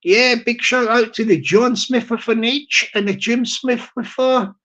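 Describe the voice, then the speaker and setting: A man hosting a live stream, giving upbeat, rambling shout-outs and often repeating himself. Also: very high voice, fairly even intonation, a little slow, highs cut off.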